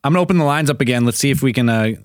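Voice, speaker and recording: Canadian man, mid-pitch, dry close sound, brisk teasing host of a call-in show. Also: no room sound. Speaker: podcast host running call-in trivia. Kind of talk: casual chat.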